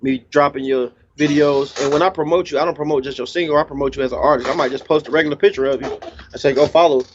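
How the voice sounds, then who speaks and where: A man's voice: a little high, fairly even intonation, quick pace, crowd noise. A man talking as a guest DJ in a casual interview, laid-back and slangy, sometimes eating while he talks. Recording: slightly dull lo-fi sound.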